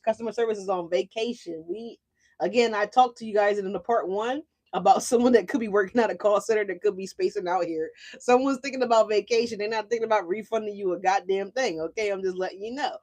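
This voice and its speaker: A woman doing a casual tarot reading for her channel, talking loose and salty with frequent "right?" check-ins. Her voice sits at an ordinary middle pitch for a woman. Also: a little mellow. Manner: chatty, profane, rhetorical "right?" asides. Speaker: tarot reader.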